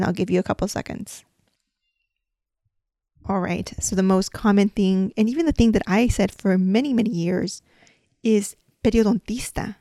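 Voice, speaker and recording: A woman's voice: mid-range voice, darkish tone, dry recording, clean studio sound. Chatty woman hosting a dental podcast. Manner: chatty and explanatory, coaching the listener. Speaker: podcast host and dental hygienist. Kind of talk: casual podcast lesson.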